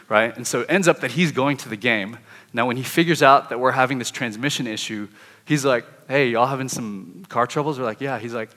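A young man in his twenties telling a personal testimony as a sermon, animated and acting out his own thoughts. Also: mid-range voice, fast, long reverb tail. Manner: lively, animated, acts out his inner thoughts. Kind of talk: sermon-style storytelling.

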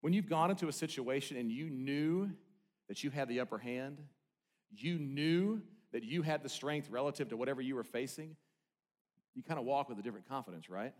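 A middle-aged male pastor preaching, telling a personal story, then swinging between loud, excited passages and hushed, quiet ones. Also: mid-range voice, fairly quick. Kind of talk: sermon.

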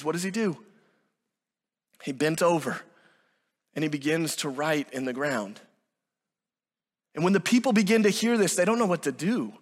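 A pastor with a high, slightly bright voice delivers an emphatic sermon, acting out the lines of the people he quotes. A long reverb trails his voice, as if he were in a large hall.

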